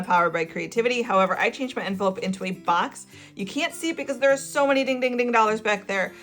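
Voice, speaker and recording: A woman's voice: medium pitch, a bit bright. A middle-aged woman hosting a budgeting channel, chatting casually and laughing as she counts money aloud. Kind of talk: casual chat while cash stuffing.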